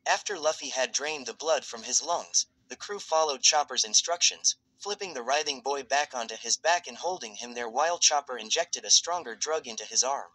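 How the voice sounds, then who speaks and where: A man reading fan fiction aloud as a narrator in a steady, even storytelling voice. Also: medium pitch, normal speed, hardly any pauses, no echo, rough recording.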